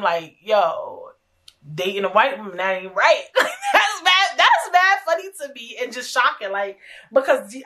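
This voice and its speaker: A woman's voice: high voice, bright, forceful tone. A young woman hosting a casual talk, telling stories frankly with profanity and lots of repetition. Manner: frank, profane, chatty, repeats herself. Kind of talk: casual storytelling chat.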